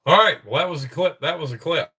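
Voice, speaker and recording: A man's voice: fairly high pitch, fast, sharp tone, husky, far from the mic. A man hosting a paranormal chat show, talking casually and rambling with many restarts. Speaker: podcast host.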